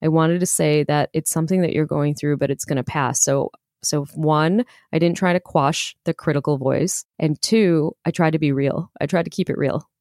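A woman explaining self-compassion techniques in a relaxed, earnest conversation, laughing now and then. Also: sits low, moderate pace, few pauses, dry recording, studio quality.

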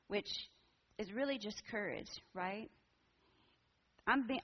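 A woman in her forties shares a personal testimony with a church group, sounding earnest and conversational. Her voice has a gravelly fry to it. The recording is dull and somewhat lo-fi. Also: mid-range voice. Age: 40s. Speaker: women's ministry speaker.

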